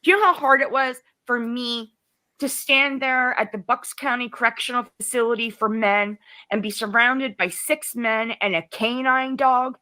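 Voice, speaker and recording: A woman's voice: a little high, moderate pace, sharp tone, no echo, poor audio. A woman ranting on her livestream, exasperated and sarcastic, her voice shooting up when she gets worked up. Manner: exasperated, rises sharply when upset, sarcastic. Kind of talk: frustrated livestream rant.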